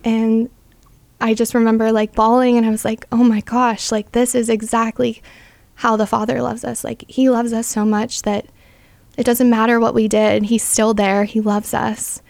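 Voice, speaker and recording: Young adult woman, earnest testimony, gravelly edge, even pitch. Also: normal speed, no echo. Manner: earnest, frequent "like" fillers. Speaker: interview guest. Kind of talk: personal faith testimony.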